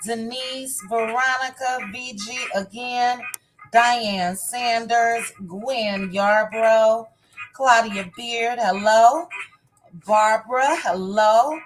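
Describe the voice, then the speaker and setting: A woman's voice: on the high side, very slow, slight background noise, poor audio. A woman hosting a casual live stream, greeting viewers by name one after another. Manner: warm shout-outs, reading names one by one.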